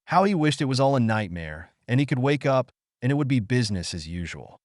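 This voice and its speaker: A man narrates a melodramatic audio story in a scripted, dramatic manner. His pitch moves in a lively way. The recording is dry and close. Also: fairly quick, no echo.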